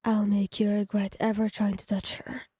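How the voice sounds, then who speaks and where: A woman's voice: mid-range voice, level tone, moderate pace, dark tone, slightly rough, no echo, studio quality, voice pushed down, lightly acted. A woman voicing a hot-tempered, protective teenage boyfriend in a read-aloud fan story. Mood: threatening.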